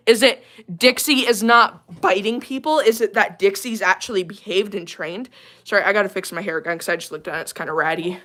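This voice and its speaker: Bright-voiced woman ranting on a livestream. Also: mid-range voice. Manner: emphatic, defiant, rambling. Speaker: livestreamer with a service dog. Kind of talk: casual livestream rant. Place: bathroom.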